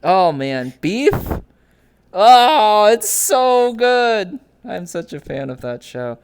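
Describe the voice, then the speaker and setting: A woman's voice: mid-range voice, sing-song, slow pace, darkish tone, clean tone. A young woman hosting a streamed interview in casual chat, rambling with many restarts and reading chat messages aloud.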